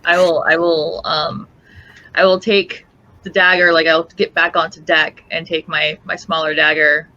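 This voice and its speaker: Flat-voiced woman at a game table. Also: deep voice, a little slow. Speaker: player. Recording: dull lo-fi mic with faint hiss.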